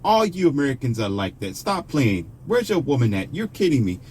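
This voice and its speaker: A man's voice: fairly high pitch, big pitch swings, unhurried, a little hiss or hum, voice pushed up. Man putting on a flirty foreign woman. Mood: teasing.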